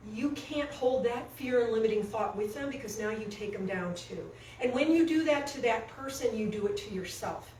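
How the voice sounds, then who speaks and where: Animated woman coach storytelling. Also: a little high, far from the mic. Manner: animated storyteller, acts out quotes. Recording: echoey room, speaker off-mic, faint noise.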